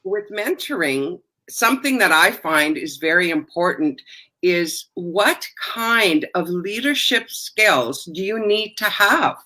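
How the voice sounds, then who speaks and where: Bright-voiced upbeat interview host. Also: medium pitch, lively intonation, slow pace, rough recording. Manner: encouraging, with frequent affirmations.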